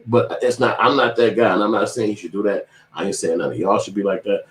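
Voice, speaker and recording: A man hosting his own channel, talking in a profane, animated commentary monologue and slipping into quoted voices as he tells stories. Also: fairly low pitch, fast talker, echoey room, low-quality recording. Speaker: channel host.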